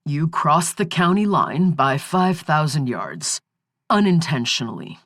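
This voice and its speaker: A woman reads a composed male defense lawyer in an audiobook. He speaks evenly and soothingly, measured and unhurried, in a dry and close voice. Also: animated, husky, dry recording. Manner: measured, soothing, low-key.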